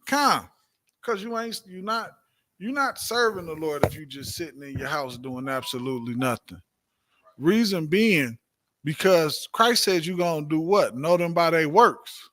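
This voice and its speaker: A man leads a religious class in a preaching style, driving his points home by repeating them and tossing out rhetorical questions. His voice sits high and rings bright and forceful.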